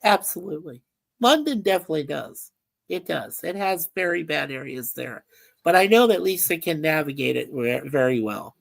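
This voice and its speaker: A woman's voice: deep voice, expressive, moderate pace, vocal fry. A woman hosting a casual livestream chat, rambling and reading viewer comments aloud. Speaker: livestream host.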